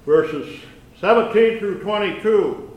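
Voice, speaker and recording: A man giving a conversational sermon with scripture reading, folksy and halting, with many restarts and asides. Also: high voice, lo-fi sound. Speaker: lay preacher. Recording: echoey room from far off.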